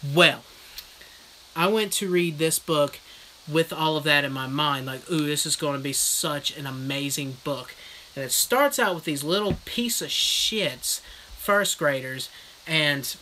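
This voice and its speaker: A man's voice: a little high, bright, forceful tone, a little hiss or hum, poor audio. A man casually recapping a book in a comic, rambling, crude manner as a live streaming reviewer.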